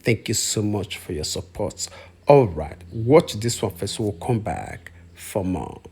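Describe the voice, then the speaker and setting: A man's voice: fairly low pitch, lively intonation, measured pace, a little mellow, breathy edge. A man with a Nigerian Pidgin accent hosting a casual commentary channel, chatting directly to his viewers. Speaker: YouTube commentary host.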